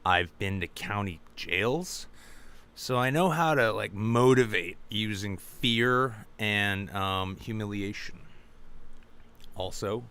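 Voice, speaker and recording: Crisp-voiced joking podcast man. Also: slow, sharp tone. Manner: crude, joking, jumps into high mocking character voices. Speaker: podcast co-host. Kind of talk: casual comedic chat.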